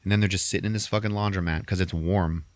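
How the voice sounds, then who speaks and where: Male podcast host, lowish voice, rambly comedic recap, laughs a lot, dry close mic. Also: fairly even intonation, fast, no room sound. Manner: rambling, laughs often, swears casually. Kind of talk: casual comedic movie recap.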